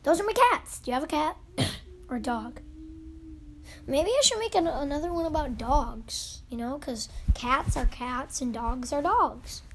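Little girl doing a goofy pretend podcast, high voice, slow and wandering. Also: lively intonation, slight background noise. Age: child. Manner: rambling, goofy, acts out scenes. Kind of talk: playful rambling kid podcast.

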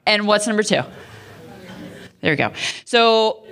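A woman's voice: mid-range voice, lively intonation, a little slow, fairly bright tone. A woman in her thirties on ministry staff giving an interactive Bible talk to students, chatty and full of questions for the group. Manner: chatty and audience-engaging, asks questions. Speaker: campus ministry staff speaker.

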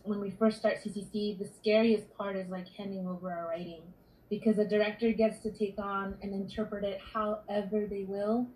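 A woman guest writer in a casual interview, chatting and telling stories in an animated way. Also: medium pitch, low-quality recording.

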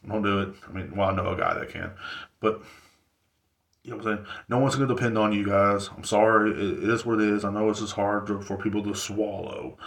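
A man's voice: lowish voice, fairly even intonation, fairly quick, gravelly, a bit bright. A man hosting his own podcast, rambling through a profane, casual rant full of fillers. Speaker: podcast host. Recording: roomy echo.

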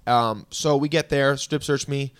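A young man telling a story on a podcast in a casual, animated way, acting out other people's voices. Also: mid-range voice, unhurried, smooth, no echo. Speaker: podcast guest.

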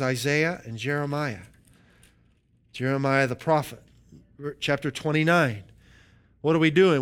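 A man preaching a sermon, emphatic, slowing down to stress key words and asking the room "right?" between points. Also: a little high, a bit bright, smooth.

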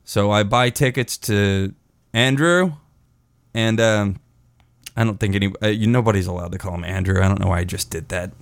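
A man's voice: fairly low pitch, moderate pace, gravelly, no room sound, studio quality. A man hosting a podcast, telling a story in a rambling, profane way and often laughing at his own words. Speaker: podcast host. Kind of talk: casual storytelling.

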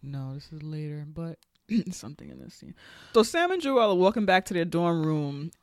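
A woman's voice: deep voice, sing-song, normal speed, no room sound, clean studio sound. A woman co-hosting a podcast, chatting casually and animatedly, acting out the characters' lines as she retells scenes. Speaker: podcast co-host. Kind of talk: casual review chat.

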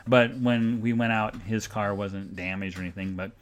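A man's voice: on the low side, fairly even intonation, moderate pace. A man hosting a live podcast show, rambling casually and reading out listener comments, with jokingly sarcastic show plugs. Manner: rambling, chatty, reads out listener chat comments. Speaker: podcast host.

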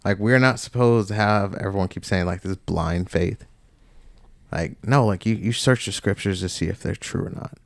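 A man's voice: on the low side, normal speed, gravelly, no room sound. A man co-hosting a podcast, talking earnestly in a loose, casual way with many filler words. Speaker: podcast co-host. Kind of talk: casual faith discussion.

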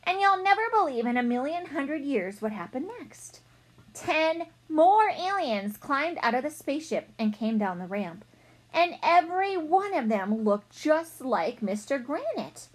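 A woman reading a children's chapter book aloud, expressive and playful. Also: high-pitched, measured pace. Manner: expressive, playful character voices. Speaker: reader.

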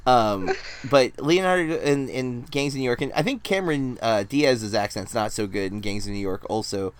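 A man's voice: medium pitch, expressive, moderate pace, clean tone. A man co-hosting a podcast in casual chat, rambling with lots of fillers. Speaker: podcast co-host.

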